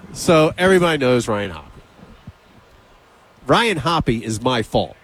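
Animated male radio host telling a story. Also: a little slow, low-quality recording. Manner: animated storyteller, acts out quotes with raised pitch. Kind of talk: casual radio banter, storytelling.

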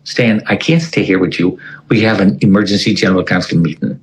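A man's voice: fairly low pitch, fairly quick, poor audio. A man telling a personal story in conversation, acting out other people's lines. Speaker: interview guest.

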